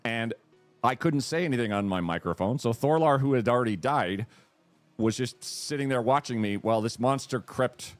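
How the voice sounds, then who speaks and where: A man hosting a live stream, chatting casually and rambling excitedly as he greets and thanks viewers. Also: medium pitch, moderate pace, faint music behind. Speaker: streamer host.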